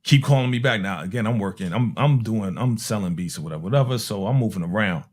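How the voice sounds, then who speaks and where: A middle-aged man from Harlem, telling animated, slangy stories in casual chat and acting out the voices of people in them. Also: on the low side, fast talker. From Harlem, New York. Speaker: music producer telling stories on a talk show.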